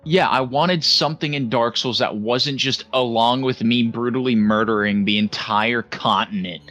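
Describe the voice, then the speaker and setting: Bright-voiced young man telling a story dramatically. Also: medium pitch, moderate pace, faint music behind. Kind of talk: casual chat among friends.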